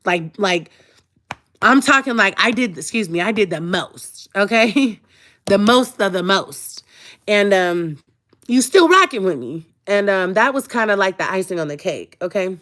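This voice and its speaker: A woman's voice: medium pitch, animated, a little slow, a bit bright. A young woman, telling her story casually on a livestream, chatty and joking with her viewers. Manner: chatty, joking asides to viewers, frequent laughs. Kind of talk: casual storytelling to a live chat.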